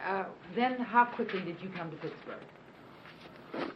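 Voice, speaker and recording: Interviewer, middle pitch, brief prompts; dull tape with faint hiss. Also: slow pace. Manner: short prompting questions. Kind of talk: oral history interview.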